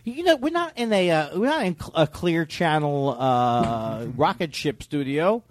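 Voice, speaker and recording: A man's voice: fairly high pitch, very animated, a little slow, no room sound. A man who is a comedian guest, chatting casually with wry, rambling, self-mocking asides.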